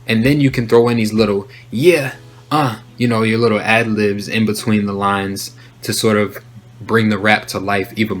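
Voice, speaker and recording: A young man hosting a rap-writing tutorial, explaining in a relaxed, conversational way and rapping short examples aloud. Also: on the low side. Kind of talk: casual instructional talk.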